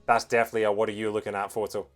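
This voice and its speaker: In a voice on the low side, a male let's play host gives chatty, excitable commentary on the game. He hums tunes and keeps up a stream of jokey asides.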